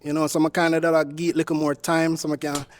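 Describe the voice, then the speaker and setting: Male contestant with a put-on Jamaican patois, a bit high. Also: little pitch movement, quick pace. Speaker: dating show contestant.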